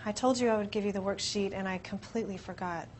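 A woman's voice: medium pitch, steady tone, fast talker, a little mellow, a little hiss or hum, lightly acted. An actress playing a stressed woman manager in a training video, anxious and pressing.

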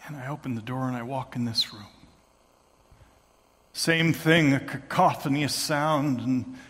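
A man preaching a sermon as a story, moving from hushed tones to shouting. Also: medium pitch, measured pace, big-room sound, slight background noise. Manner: dramatic, swings from hushed to shouting.

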